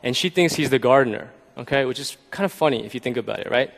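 A man's voice: medium pitch, quick pace, vocal fry. Preacher man in an echoing hall. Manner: conversational, keeps asking "right?". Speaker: pastor. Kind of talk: sermon.

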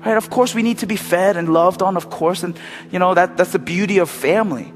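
A pastor giving a sermon in a storytelling way, animated, with many fillers. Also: male voice, sits high, fairly quick, soft background music. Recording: long hall reverb.

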